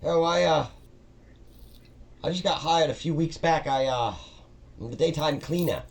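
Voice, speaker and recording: Man doing a nervy, chatty janitor type, pitched up, hesitant and rambling. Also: unhurried, gravelly. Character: nervous new male dungeon cleaner Todd.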